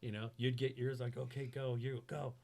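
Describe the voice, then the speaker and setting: A man's voice: mid-range voice, flat delivery, moderate pace, creaky, a little mellow. A man telling a fishing story with gusto. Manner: acts out quotes with big jumps in voice. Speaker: podcast guest. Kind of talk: animated storytelling.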